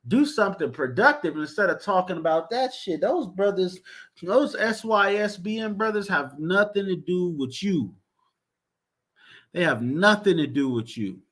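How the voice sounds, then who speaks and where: High-voiced man ranting in slang. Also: expressive, moderate pace, a bit bright. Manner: profane, repetitive, exasperated. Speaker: commentary vlogger. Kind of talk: casual rant.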